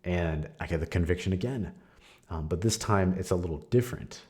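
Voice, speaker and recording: A young man hosting a podcast, sharing a candid personal testimony in a casual, conversational way with frequent fillers and soft laughs. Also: sits low, brisk. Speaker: podcast host.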